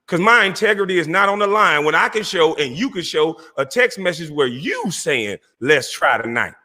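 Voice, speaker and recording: Confrontational male streamer host, mocking tone, bright forceful voice. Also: high voice, animated, normal speed, big-room sound. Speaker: online show host. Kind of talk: heated livestream rant.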